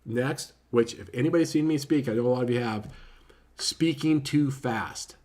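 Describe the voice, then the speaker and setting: A man talks through a book review in a loose, conversational way, restarting phrases and checking in with his listeners. His voice sits at an ordinary middle pitch and often drops quiet, and he moves along at a quick clip. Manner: informal, self-correcting, lots of "right?" tags; says he often speaks too quietly and too fast. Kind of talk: casual spoken book review.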